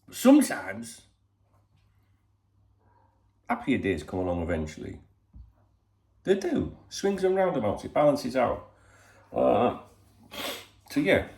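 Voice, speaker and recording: Slow and pausing often, a man with a mid-range, darkish voice swoops wildly in pitch, his words reverberating. He's a channel host chatting casually to camera from home in Spain, rambling, cursing freely and saying "you know" a lot.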